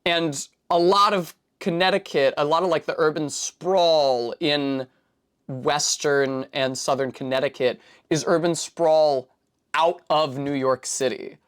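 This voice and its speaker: A woman's voice: low voice, steady tone, a little slow, clean tone. A woman streamer from New England talks casually while she builds. She rambles through long digressions in a loose, chatty way. She fills her speech with fillers and corrects herself mid-sentence. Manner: full of fillers and self-corrections. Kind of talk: casual chat while building a Lego set.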